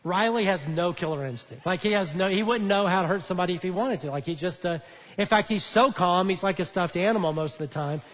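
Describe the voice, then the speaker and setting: Man, pastor, high voice, chatty sermon, lots of fillers, long church reverb, muffled sound. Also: fast talker. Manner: conversational storytelling with frequent fillers. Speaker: lead pastor. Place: church auditorium. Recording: dull echoey church hall.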